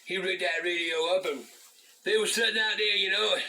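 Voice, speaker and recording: An older man with a high, sharp voice spins a rambling, foul-mouthed tale. He restarts phrases again and again and curses in almost every sentence. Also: steady tone, unhurried, pauses often, poor audio. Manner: swears constantly, repeats and restarts words. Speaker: storyteller, channel host. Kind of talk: profane rambling storytelling.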